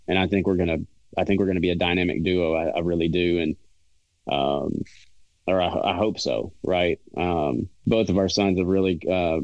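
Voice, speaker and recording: A man's voice: low-pitched, no echo, dull audio. A man co-hosting a podcast, talking earnestly about coaching youth baseball in a rambling way with many fillers. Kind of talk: casual podcast chat.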